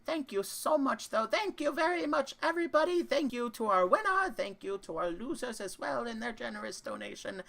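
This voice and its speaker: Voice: medium pitch, big pitch swings, normal speed, gravelly, few pauses, sharp tone, pitched above the performer's own voice, full character voice. A game master voicing a greedy male gnome who runs a betting game, with a theatrical carnival-barker delivery. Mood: gushing. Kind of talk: tabletop role-play voice.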